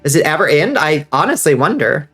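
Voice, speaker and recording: A man with a stuffed-up nose talks his way through a game stream, chatty and excitable, cursing freely as he reacts. His voice sits a little high. Soft game music plays underneath. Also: brisk. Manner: excitable, swears freely, reads out chat. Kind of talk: casual gaming commentary.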